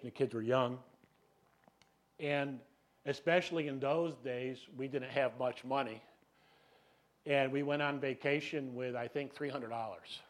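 A middle-aged man preaching a sermon, telling a personal story in an animated, self-mocking way and filling his talk with "you know". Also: medium pitch. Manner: animated, self-deprecating, acts out voices, many "you know"s. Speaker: pastor.

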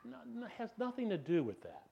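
A middle-aged man preaching a sermon, telling a personal story in an animated, self-mocking way and filling his talk with "you know". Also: sits high, fast, creaky, lo-fi sound. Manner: animated, self-deprecating, acts out voices, many "you know"s. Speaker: pastor.

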